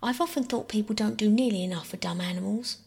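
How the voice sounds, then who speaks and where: A woman's voice: mid-range voice, fast talker, vocal fry, darkish tone, big-room sound, close to an everyday voice. A woman reading aloud, voicing a boastful, argumentative young boy in a scolding, know-it-all manner. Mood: proud.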